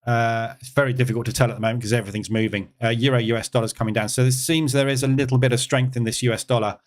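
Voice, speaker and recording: A man's voice: mid-range voice, fairly even intonation, racing. English man running a live trading room. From England. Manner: chatty, answering chat questions while reading charts.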